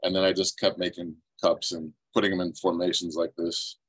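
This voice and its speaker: A man's voice: deep voice, flat delivery, fairly quick, a bit bright, husky, dry recording, rough recording. A man in his fifties from the United States giving an earnest, emotional presentation on a video call. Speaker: presenting ceramic artist, veteran. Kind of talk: webinar presentation. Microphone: computer mic on video call.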